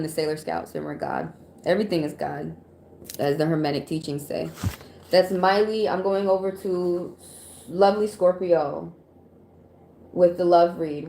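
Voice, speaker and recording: A woman's voice: lowish voice, darkish tone, roomy sound, slight background noise. An American woman from Atlanta doing casual tarot readings on a live stream, chatty and rambling with many fillers and frequent laughs. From Atlanta, USA. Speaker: tarot reader.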